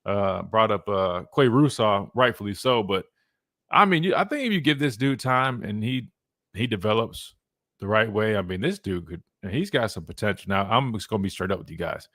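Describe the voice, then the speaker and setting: A man's voice: on the low side, animated, moderate pace, a bit bright, no echo. Brief: thirties male sports radio host, loose and chatty, dry close studio sound. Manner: laid-back, rambling, lots of "man". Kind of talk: casual sports talk. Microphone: studio mic.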